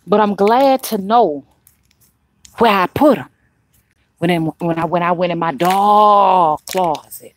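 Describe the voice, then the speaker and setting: A middle-aged woman rambles casually through an outdoor live stream, greeting viewers one by one in folksy slang. Her voice sits a little low for a woman. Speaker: spiritual livestream host. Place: outdoors by a dusty street.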